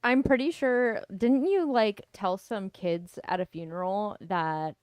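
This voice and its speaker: A woman co-hosting a live stream, chatting in a relaxed way with plenty of fillers. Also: medium pitch, a little slow, clean tone, dry recording. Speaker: podcast co-host. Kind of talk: casual live-stream banter.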